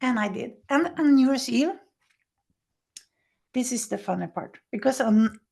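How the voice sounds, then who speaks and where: A woman being interviewed, telling her recovery story in animated, halting, non-native English, acting out what people said. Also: on the high side, gravelly, slightly rough. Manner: animated storyteller who acts out quoted speech. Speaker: interview guest. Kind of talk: personal recovery story told in conversation.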